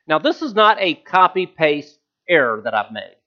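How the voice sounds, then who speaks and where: A male preacher giving a relaxed, conversational sermon with self-deprecating humor. His fairly high voice swings widely in pitch. The recording sounds dull and lo-fi. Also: moderate pace.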